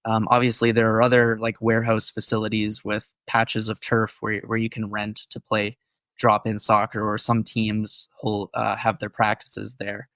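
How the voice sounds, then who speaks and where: A man co-hosts a podcast and lays out each topic in an informative, explanatory way. He pauses on the odd filler but keeps a steady thread. His voice is close and completely dry. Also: fairly low pitch, dry recording. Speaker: podcast co-host. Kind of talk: casual podcast chat.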